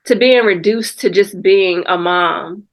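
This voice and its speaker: A woman's voice: medium pitch, a little slow. A woman guest on a faith podcast, speaking in a reflective, testimonial way and calling the host "girl.". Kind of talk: casual faith podcast conversation.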